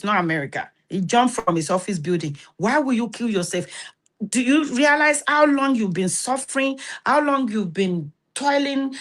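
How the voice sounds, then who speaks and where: A woman from Nigeria with a Nigerian accent, hosting an advice talk, telling stories in an animated and preachy way and acting out the dialogue. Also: on the high side. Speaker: host.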